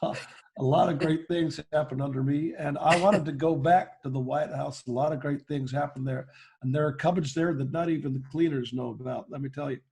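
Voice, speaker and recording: A man's voice: a little high, fairly even intonation, brisk, a little mellow, husky. A man doing a smug folksy ex-president.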